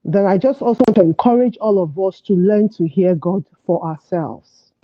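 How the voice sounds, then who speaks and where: A woman calling in to a talk show, earnestly giving advice with pauses and restarts. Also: medium pitch, dry recording. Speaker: caller. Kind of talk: call-in advice chat. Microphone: phone call. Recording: dull, lo-fi call audio, dry.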